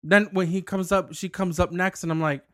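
In a dry, clean indoor studio, a man co-hosting a podcast tells a wandering story in casual chat, with lots of laughs and restarts. His high-pitched voice has fairly even intonation, and he speaks at a moderate pace.

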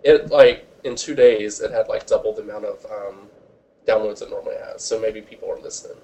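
A man's voice: on the low side, fairly even intonation, fairly quick, mellow, rough recording. A young man hosting a casual podcast, joking and teasing his co-hosts. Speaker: podcast host. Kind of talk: casual chat.

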